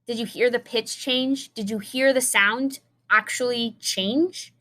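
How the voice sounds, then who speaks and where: A woman's voice: fairly high pitch, fairly even intonation, slow, pushed and bright. Chatty woman teacher explaining science. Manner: chatty, explaining with restarts and fillers. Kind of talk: recorded science lesson.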